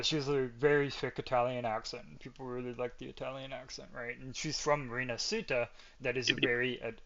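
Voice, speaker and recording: A man's voice: medium pitch, a bit bright, dull audio. A man hosting a podcast in casual chat, rambling and often ending his points with "right?". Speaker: podcast host.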